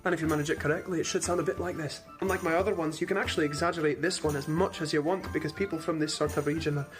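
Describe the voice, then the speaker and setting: A man presenting a short accent tutorial in a measured, explanatory way with dry jokes. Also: a little high, fairly even intonation, over music. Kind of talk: instructional comedy tutorial.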